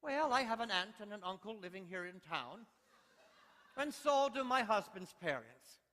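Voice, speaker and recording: Man doing a chirpy Irish woman, high bright voice, innocent, literal-minded, reverberant hall. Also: very animated, moderate pace, full character voice. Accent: put-on Irish. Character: naive literal-minded woman in divorce court.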